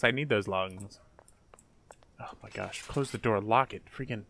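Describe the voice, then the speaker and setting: A man's voice: on the low side, fairly even intonation, moderate pace, bright, forceful tone. A man commenting on a horror game as he plays, goofy, talking to himself and exclaiming often. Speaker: gamer. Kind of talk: let's play commentary.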